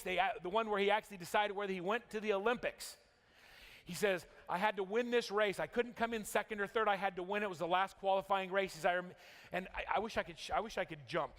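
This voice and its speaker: Upbeat guy from utah pumping up a convention crowd, higher voice, big hall echo. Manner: energetic storytelling, rising and dropping for drama. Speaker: motivational speaker. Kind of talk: convention keynote speech. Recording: long hall reverb.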